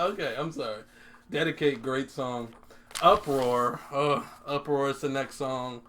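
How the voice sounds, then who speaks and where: A man's voice: medium pitch, measured pace, fairly bright tone. Young man bantering on a podcast. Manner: laughing, profane, jokey banter. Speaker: podcast co-host. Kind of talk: casual chat. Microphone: headphones and studio mic.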